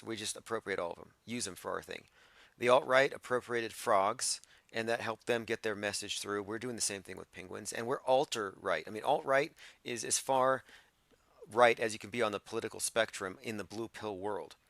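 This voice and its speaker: A man's voice: on the low side, creaky, a bit bright, no echo. A man hosting a livestream, talking casually in a combative, dismissive rant to his chat. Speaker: livestream host.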